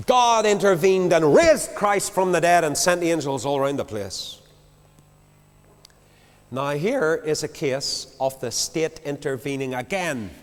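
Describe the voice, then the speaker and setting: A man preaching a sermon to a large congregation, swinging from loud declarations to quiet low asides. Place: large church. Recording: long hall reverb.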